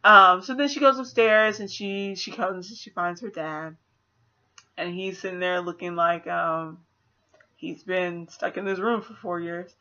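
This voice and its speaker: A woman giving a casual spoiler movie review, chatty and animated, acting out quotes with laughs. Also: lowish voice, measured pace. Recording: slightly dull lo-fi audio.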